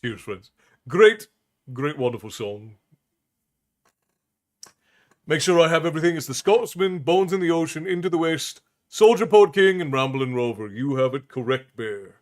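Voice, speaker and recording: A man's voice: a little high, expressive. A man hosting a tavern-themed live stream, chatting casually and thankfully with his audience between songs. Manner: unhurried, thankful, easygoing banter.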